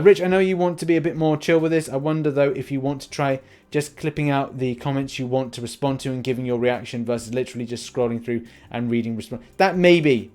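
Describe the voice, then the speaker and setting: A man's voice: medium pitch, a little mellow. A young man hosting a gaming channel, chatting casually as he reads out viewer comments and answers them, with plenty of restarts and fillers. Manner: rambling, frequent restarts and fillers.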